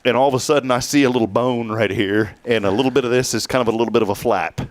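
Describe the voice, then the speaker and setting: A man's voice: mid-range voice, no room sound. A man hosting a casual morning radio show, telling stories and laughing often. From Texas. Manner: storytelling, laughs often, drawn-out asides.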